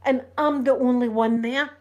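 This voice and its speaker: A Scottish woman in middle age talks casually to her livestream audience. Her voice sits a little on the high side. She tells her stories with animation, slipping into the voices of the people in them. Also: moderate pace, highs cut off. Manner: animated storyteller, acts out what people said. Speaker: channel host.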